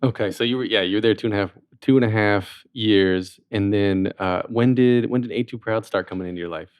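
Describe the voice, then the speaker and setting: Podcast host with a dry, close voice. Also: male voice, fairly low pitch, fairly quick, smooth, dry recording. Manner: brief affirmations and short questions. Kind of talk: interview questions.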